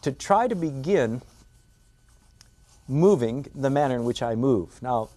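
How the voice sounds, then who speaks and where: A man's voice: medium pitch, expressive, measured pace, warm tone. An older man gives a drawing lesson in an indoor studio. He talks in a playful, self-mocking way, with frequent rhetorical asides to the viewer. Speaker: art instructor.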